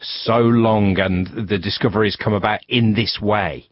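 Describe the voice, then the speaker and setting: A man interviewing scientists for a news report, asking brisk questions. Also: lowish voice, fairly even intonation, highs cut off.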